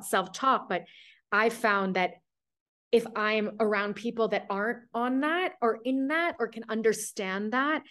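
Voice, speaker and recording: A woman's voice: on the high side, a bit bright. A woman in her thirties, a guest in a casual conversation, thinking aloud in a reflective way. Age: 30s.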